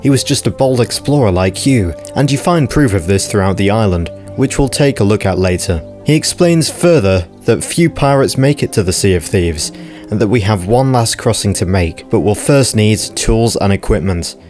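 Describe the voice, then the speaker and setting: A man's voice: on the low side, expressive, moderate pace, a little mellow, faint music behind. A man narrating game lore in a casual scripted way, with wry, joking asides.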